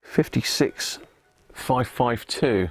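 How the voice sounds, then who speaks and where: A man's voice: mid-range voice, expressive, drawn-out words, slightly rough, faint music behind. A man with a southern English accent hosting a casual livestream, chuckling often and answering viewers by name as he looks over old radios at his workbench. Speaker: livestream host restoring vintage radios. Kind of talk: casual live-chat commentary. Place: home workshop.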